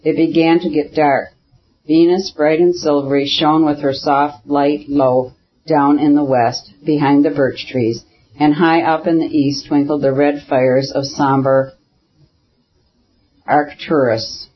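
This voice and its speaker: A man with a slightly raised voice reads a classic novel aloud at a measured, even pace. The recording sounds dull and lo-fi, with the top end rolled off. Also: a little high. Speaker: audiobook narrator. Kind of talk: scripted narration of a classic novel.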